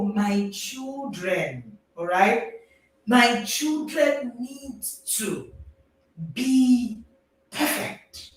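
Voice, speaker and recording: Nigerian woman, parenting coach, lively audience talk, far off in a booming room. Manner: animated, laughs often, asks the audience "right?". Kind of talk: speaking to a live audience. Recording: very echoey, distant mic.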